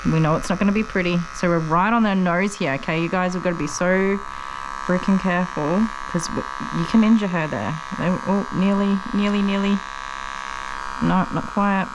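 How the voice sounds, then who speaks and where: A woman's voice: on the low side, normal speed, background noise. Chatty woman dog groomer. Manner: chatty, explains each step to viewers, coos softly to the puppy. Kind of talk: casual vlog narration while working.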